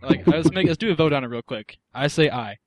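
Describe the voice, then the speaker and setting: A man's voice: fairly high pitch, expressive, brisk, no room sound. A man hosting a comedy podcast in casual chat, rowdy and often laughing. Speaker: podcast host.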